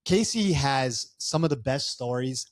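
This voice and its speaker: A man's voice: medium pitch, expressive, measured pace, no echo, studio quality. A man in his twenties co-hosting a casual fight podcast while drunk, teasing and crude. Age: 20s. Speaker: podcast co-host. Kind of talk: casual chat, fight breakdown.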